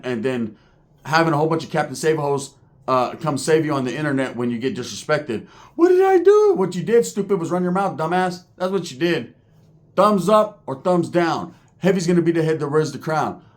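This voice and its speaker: A middle-aged man giving a casual commentary rant in streetwise slang, animated and full of tangents and asides. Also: on the high side, brisk.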